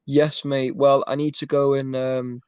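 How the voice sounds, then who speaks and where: A man's voice: mid-range voice, little pitch movement, measured pace, darkish tone, clean tone, no room sound, muffled recording. Chatty man saying "mate" a lot. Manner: rambling, peppered with "mate". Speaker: streamer. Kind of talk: casual chat.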